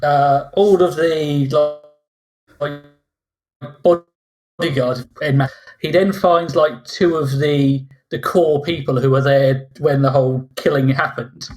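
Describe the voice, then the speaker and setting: A man with a fairly high voice rants through a casual podcast chat. He sounds exasperated and mocking, and keeps slipping into sarcastic little reactions. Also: fairly even intonation, slow, darkish tone. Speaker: podcast co-host. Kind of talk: casual ranting film review.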